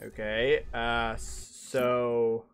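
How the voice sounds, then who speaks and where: A young man streaming a video game, chatting casually, swearing and yelling back at what happens on screen. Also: mid-range voice, drawn-out words, clear, resonant tone. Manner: excitable, profane, talks back to the game. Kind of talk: casual gaming commentary.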